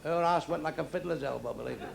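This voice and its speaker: A man's voice: a little high, quick pace, gravelly, background noise. An older man doing a crude, blunt stand-up routine on a nightclub stage, heckling his band between jokes. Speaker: stand-up comedian. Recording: live club show with loud crowd. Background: audience laughing.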